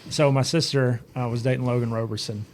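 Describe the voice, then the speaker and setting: A man, a podcast guest telling racing stories in lively casual chat with frequent laughs. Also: medium pitch, fairly quick, a little hiss or hum. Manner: animated storyteller, laughs often, repeats words. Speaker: podcast guest, race director.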